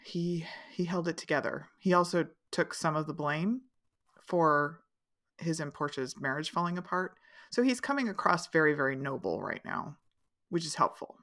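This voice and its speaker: A woman co-hosting a casual recap podcast, chatty and quick to react. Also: low voice, a bit bright. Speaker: podcast co-host.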